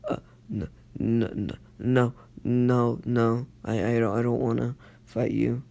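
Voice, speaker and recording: A man's voice: mid-range voice, level tone, slow pace, creaky, warm tone. A man doing a proud, rattled teen rival. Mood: scared. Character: proud teen male ninja, rattled and defensive.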